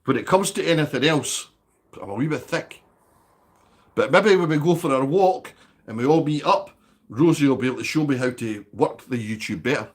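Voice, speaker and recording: Husky man chatting on a livestream. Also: mid-range voice, normal speed. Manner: chatty, banters with viewers by name. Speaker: live streamer host. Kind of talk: casual livestream chat reading viewer comments.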